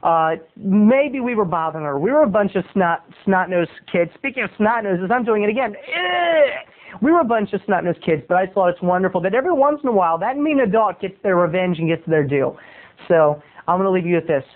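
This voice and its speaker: A man's voice: sits high, animated, quick pace. Chatty man telling a rambling comic story. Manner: chatty, playful, digressive. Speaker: video blogger. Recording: tinny phone-like recording.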